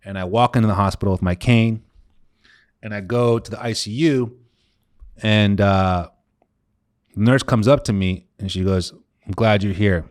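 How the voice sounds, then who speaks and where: A man in his thirties, a coach, telling a candid personal story in casual, conversational speech that sinks low and quiet on the painful parts. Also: normal speed, long pauses, no echo, clean studio sound. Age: 30s. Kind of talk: personal story told to camera.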